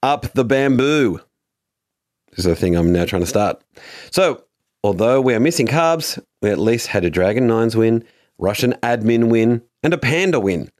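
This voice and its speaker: A man's voice: on the low side, lively intonation, normal speed, darkish tone, no echo, studio quality. Jokey man hosting a podcast. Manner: playful, jokey asides. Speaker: podcast host. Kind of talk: casual news roundup.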